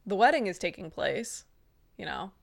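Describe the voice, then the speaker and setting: A woman's voice: medium pitch, big pitch swings, normal speed, gravelly. Female co-host, eager chatty movie recap, lots of fillers. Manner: eager, chimes in with agreement and fillers. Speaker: podcast co-host. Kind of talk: casual movie recap chat.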